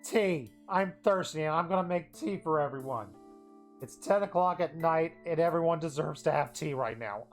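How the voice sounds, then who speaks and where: A streamer reading a visual novel aloud as narrator, with expressive, exasperated asides. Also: mid-range voice, moderate pace, faint music behind.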